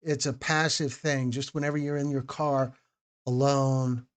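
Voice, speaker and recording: A man's voice: mid-range voice, little pitch movement, measured pace. A man hosting a live stream, chatting casually with viewers by name and often restarting his phrases. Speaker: documentary host answering live chat.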